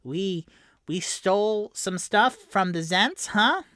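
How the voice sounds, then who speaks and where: A man's voice: high voice, expressive, slow pace, pushed and bright, no echo, clean studio sound, pitched above the performer's own voice, full character voice. Tipsy, a man doing a blabbing, eager rogue. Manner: blurts things out eagerly.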